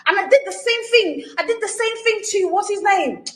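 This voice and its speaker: A woman's voice: very high voice, moderate pace, a bit bright. A woman indignantly recounting being thrown off a podcast, laughing as she vents. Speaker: podcast guest. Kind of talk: venting story. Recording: roomy echo.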